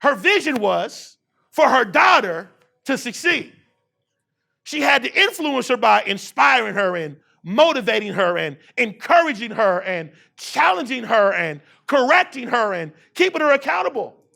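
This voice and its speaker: Keynote speaker, man around forty: high bright voice, rousing call-and-response delivery. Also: big pitch swings, normal speed, gravelly. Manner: repetitive preaching cadence. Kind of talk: motivational keynote speech. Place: university event hall.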